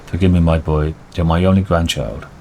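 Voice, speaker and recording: A man's voice: sits low, steady tone, brisk, a little mellow, slight background noise. Man reading as a remorseful old grandmother. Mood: pleading. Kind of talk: reading game dialogue aloud.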